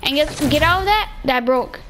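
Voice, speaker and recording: Excitable high-voiced woman gamer. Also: normal speed. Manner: playful, excitable, repeats herself a lot. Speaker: gamer streamer. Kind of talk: casual gaming chat. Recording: noisy game capture.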